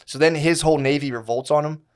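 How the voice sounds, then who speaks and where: A man's voice: fairly high pitch, steady tone, quick pace, clear, resonant tone. A young man rambling through a story on a podcast, loose and full of slang and swearing. He keeps slipping into mocking voices for the people he talks about. It comes across as an easy chat between friends. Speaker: podcast co-host. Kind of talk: casual chat.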